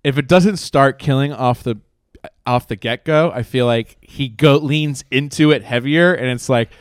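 A man's voice: mid-range voice, normal speed, clear, resonant tone, no echo, studio quality. A man comic hosting a podcast, telling stories in casual chat, swearing a lot and acting out what people said. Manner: profane, animated storytelling with acted-out quotes. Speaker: podcast host and stand-up comic.

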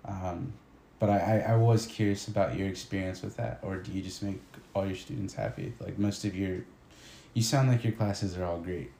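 A man's voice: low-pitched, steady tone, moderate pace, vocal fry, dark tone. A man teacher talking casually and reflectively, often hesitating and restarting sentences. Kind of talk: casual conversation. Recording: echoey room with faint noise.

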